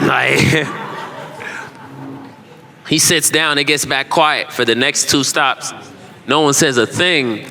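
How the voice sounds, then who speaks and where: A man performing a stand-up comedy set, telling profane stories loosely and animatedly, breaking into loud shouted character voices. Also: medium pitch, slow, creaky, pauses often, a faint crowd. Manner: animated, loose, profane storytelling with frequent laughs.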